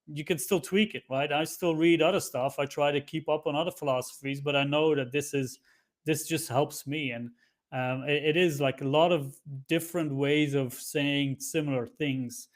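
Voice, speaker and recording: Earnest man with a slightly high voice. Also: fairly even intonation, normal speed. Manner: reflective, earnest, often asks "right?". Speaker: guest. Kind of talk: casual podcast chat.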